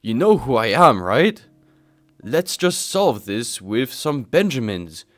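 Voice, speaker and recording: A man voicing a brash, money-loving United States countryball with a loud, boastful put-on swagger. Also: mid-range voice, very animated, normal speed, soft background music, close to an everyday voice.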